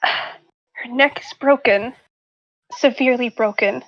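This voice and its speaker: Brief: female tabletop player, fairly high voice, earnest, muffled lo-fi recording. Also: takes it slowly, dry recording. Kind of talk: tabletop game play. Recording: dull, lo-fi mic.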